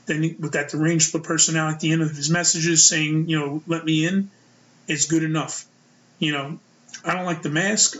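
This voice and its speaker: A man with a slightly high-pitched voice hosts his own podcast, sharing opinions in a loose, rambling way. He leans on filler words as he thinks aloud. The recording sounds dull and lo-fi. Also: pushed and bright. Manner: casual, rambling, lots of "you know" fillers. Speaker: podcast host.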